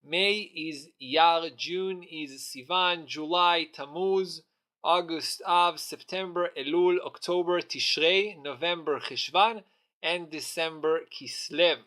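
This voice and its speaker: Bright-voiced man teaching vocabulary. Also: a little high, slow. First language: Hebrew. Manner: patient, methodical word-by-word teaching with occasional "uh" fillers. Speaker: Hebrew instructor. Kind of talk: recorded language lesson.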